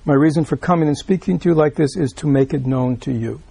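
A man giving a Buddhist dharma talk, reading out a teaching and explaining it. He often checks in with listeners by asking "right?", repeats himself, and drops into soft asides. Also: fairly high pitch, quick pace, creaky, breathy edge, no room sound. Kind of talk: dharma talk explaining a read-aloud text.

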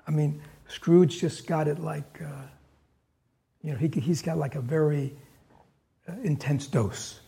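A man's voice: fairly high pitch, fairly even intonation, unhurried, creaky, pauses often, mellow. A man giving a dharma talk in a loose, conversational way, with frequent fillers, who reads story passages aloud with rising force. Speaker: dharma teacher.

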